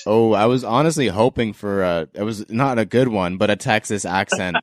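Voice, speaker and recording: Canadian guy, podcast host, lowish voice, loose and laughing, dry close mic. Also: moderate pace, hardly any pauses, no echo. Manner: relaxed, laughs often, enthusiastic about sneakers. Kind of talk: casual podcast chat.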